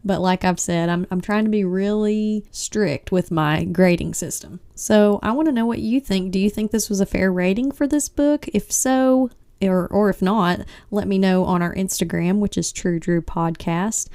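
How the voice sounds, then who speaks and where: A woman hosting a casual solo book-review podcast, chatty and expressive, often saying "like" and "I mean.". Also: medium pitch, normal speed, hardly any pauses. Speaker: podcast host.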